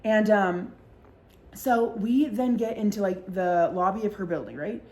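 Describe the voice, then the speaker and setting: A woman tells a story in casual podcast chat, packing her talk with fillers and swearing freely. Her voice sits in an ordinary middle pitch. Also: darkish tone. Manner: fast-talking, full of fillers and swearing. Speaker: podcast host.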